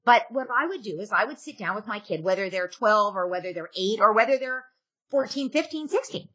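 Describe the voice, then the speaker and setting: A woman's voice: mid-range voice, lively intonation, a little fast, fairly bright tone, breathy edge, muffled recording. A woman who is a parenting author, giving advice in a podcast interview, earnestly checking in with "right?" as she makes her points. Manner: acts out parent and child quotes.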